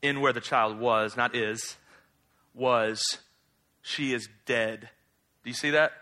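Guy preaching a sermon, bright forceful voice, chatty and animated, gets loud and high when he's worked up. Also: unhurried. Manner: conversational preaching, acts out bible characters with slangy asides. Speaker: pastor.

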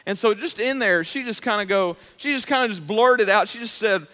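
A man's voice: high-pitched, fairly quick, hardly any pauses, bright, forceful tone. A man pastor preaching a sermon in a conversational way, with frequent restarts and fillers.

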